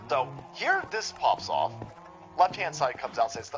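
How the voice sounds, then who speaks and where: A man with a high, swooping voice rants on a livestream, profane and sarcastic, jabbing at every clip he reacts to. The sound is dull and muffled, with a faint hiss underneath. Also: huge pitch swings, moderate pace, fairly bright tone, faint music behind. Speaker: stream host. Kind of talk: livestream political commentary.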